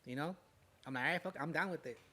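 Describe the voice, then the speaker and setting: Fast and slightly rough, with a sharp tone and a pitch a little on the high side, this young rapper from Southern California spins a story as a podcast guest. He talks in profane, streetwise slang, dropping "way" and "fool" as tag words.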